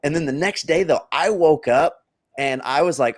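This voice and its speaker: A man's voice: fairly high pitch, moderate pace. A man co-hosting a podcast, telling a long story in a rambling, self-interrupting casual chat. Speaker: podcast co-host.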